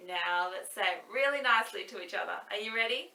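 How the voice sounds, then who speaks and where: A woman's voice: medium pitch, a little fast, gravelly, few pauses, pushed and bright, a little hiss or hum. A woman running an online story time for young children as a librarian, cheerful and sing-song, recorded in a library. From Australia. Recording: echoey room, mic at a distance.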